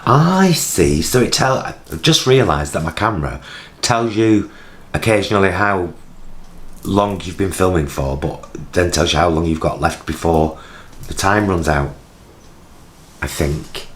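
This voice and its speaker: A man's voice: sits low, lively intonation, measured pace, a bit bright. A British man in his forties vlogging from his home kitchen, chatting casually to camera in a rambling, self-mocking way, recorded on his vlogging camera. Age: 40s.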